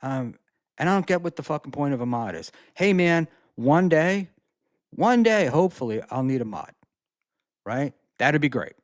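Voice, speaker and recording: A man's voice: medium pitch, animated, normal speed, no echo, studio quality. Profane rambling man streaming solo. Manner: rambling, profane, many fillers. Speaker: livestream host reading chat. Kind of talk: casual livestream chat.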